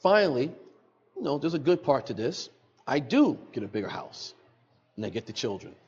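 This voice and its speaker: A man's voice: a little high, darkish tone, muffled recording. A middle-aged man, a podcast guest, telling an emotional personal story in earnest, repeating phrases for emphasis, recorded in a studio.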